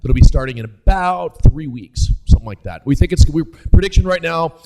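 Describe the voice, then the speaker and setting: Middle-aged male publisher, slightly high voice, joking and loose. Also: expressive, a little fast, vocal fry, warm tone, rough recording. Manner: jokey, introduces people in a loose rambling way. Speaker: game publisher. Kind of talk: casual convention interview. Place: busy convention floor.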